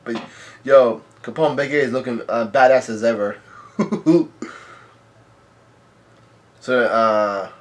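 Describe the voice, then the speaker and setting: A man's voice: medium pitch, steady tone, normal speed. Laid-back man reading through a comic. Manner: reads quoted lines in the same plain, level voice as the narration. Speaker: manga reader and commentator. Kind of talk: casual manga read-through with commentary.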